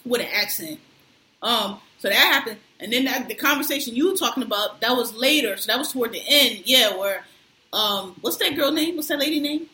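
A woman's voice: fairly high pitch, animated, fairly quick, bright, forceful tone. A woman in casual chat, telling a story animatedly, acting out what people said and laughing often. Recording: roomy echo.

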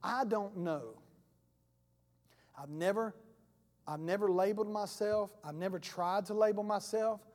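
A man's voice: high voice, unhurried, pauses often, darkish tone, long reverb tail. A man pastor preaching a sermon in a folksy way, acting out voices in his stories, in a church sanctuary.

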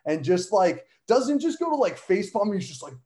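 A man telling a childhood story in casual chat, animated, with lots of fillers and frequent laughter. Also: high voice, moderate pace, background noise. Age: adult. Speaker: guest, son of a wrestler.

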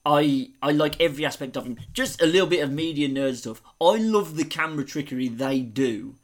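A man's voice: a little high, animated, brisk. A man co-hosting a casual chat, talking with gushing enthusiasm. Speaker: podcast co-host.

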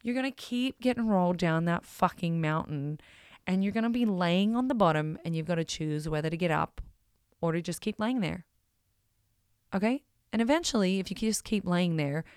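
A woman's voice: on the low side, a little mellow, smooth, no echo, clean studio sound. A woman, a parent of school-age kids, talking in a blunt, emphatic, casual monologue and swearing freely. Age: adult parent of school-age kids.

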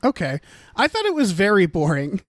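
A man co-hosting a podcast, chatting casually about a film with halting fillers. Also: high-pitched, huge pitch swings, no echo, clean studio sound. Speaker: podcast co-host. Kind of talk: casual chat.

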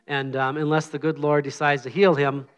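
Lay preacher, middle-aged man, slightly high voice, earnest and humble, conversational sermon delivery. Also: flat delivery, normal speed, smooth, lo-fi sound. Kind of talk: informal sermon with prayer.

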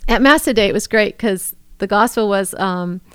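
A middle-aged woman talks earnestly on a faith podcast, often circling back and restarting her sentences. Her voice is smooth and clear. The sound is close and dry. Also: medium pitch, normal speed, fairly bright tone, no echo. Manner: earnest, emotional, rambling with restarts. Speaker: podcast co-host. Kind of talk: casual faith conversation.

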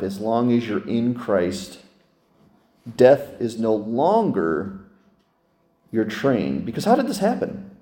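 Man preaching a lively sermon. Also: on the low side, takes it slowly, long pauses, roomy sound. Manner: lively, conversational preaching with rhetorical questions. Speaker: lead pastor. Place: church sanctuary.

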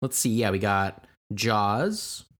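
A man chatting casually as a podcast co-host, his voice sitting a bit low yet swinging widely in pitch. He keeps things playful and laughs often. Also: lively intonation, slow pace, a bit bright. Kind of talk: casual chat.

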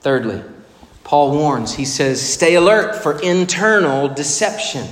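A man's voice: a little high, measured pace. Male preacher in an echoey hall. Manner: expressive preaching, acts out quoted voices. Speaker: pastor. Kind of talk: sermon.

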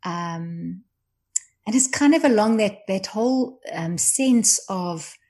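Woman guest, mid-pitch, gentle and unhurried, thoughtful, with quiet pauses. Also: expressive. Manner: gentle, thoughtful, trailing off softly. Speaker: guest, contemplative prayer practitioner. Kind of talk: reflective conversation.

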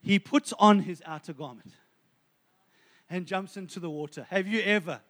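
High-voiced man preaching a sermon. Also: moderate pace, a bit bright. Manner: addresses listeners as friends, stumbles through restarts. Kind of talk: sermon storytelling.

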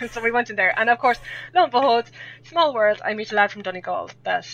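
A woman's voice: a little high, expressive, fairly quick, creaky, fairly bright tone. A young Irish woman telling a rambling story in casual chat, laughing often as a podcast guest. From Ireland. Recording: dull lo-fi audio.

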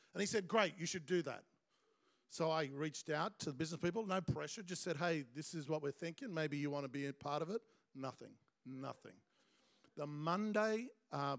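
A man preaching and telling a story in an animated, excitable way. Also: fairly high pitch, creaky. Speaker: pastor. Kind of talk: storytelling sermon.

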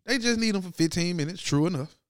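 Loose-talking man, smooth close voice. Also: animated, quick pace, no room sound. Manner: loose slangy delivery, swings from loud to low and subdued. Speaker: podcast host. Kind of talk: casual sports talk monologue.

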